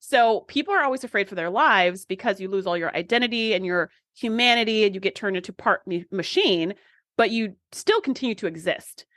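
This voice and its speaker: A woman's voice: medium pitch, brisk, no room sound. A woman co-hosting a podcast, recapping an episode in casual chat and acting out her own reactions. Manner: animated, acts out reactions. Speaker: podcast co-host.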